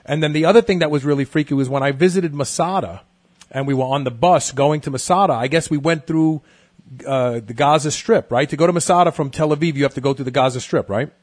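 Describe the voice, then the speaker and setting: A man co-hosting an interview tells his stories in a chatty, animated way. His voice sits a little high. The sound is close and dry. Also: fast, dry recording. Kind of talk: casual interview, storytelling.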